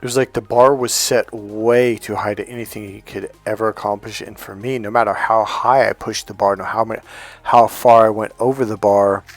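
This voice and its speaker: A man working as a life coach, telling a personal story in a loose, animated way, swearing freely and often breaking off mid-sentence. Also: lowish voice, moderate pace, no echo, faint music behind. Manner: animated, profane, self-interrupting. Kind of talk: casual storytelling monologue.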